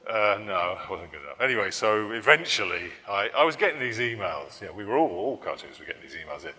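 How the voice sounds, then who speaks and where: Male political cartoonist at a public talk: deep, bright voice, rambling, dry wit, echoing hall. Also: expressive, fairly quick. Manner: rambling, self-correcting, dry humor.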